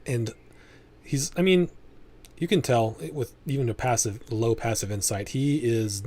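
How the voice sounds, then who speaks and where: A man narrating a tabletop game as game master, descriptive and unhurried, often restarting his sentences. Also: mid-range voice, mellow.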